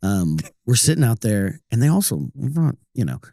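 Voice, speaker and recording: A man's voice: medium pitch, big pitch swings, normal speed, creaky, mellow. A man co-hosting a podcast, telling long rambling stories in casual chat with frequent restarts. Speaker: podcast co-host.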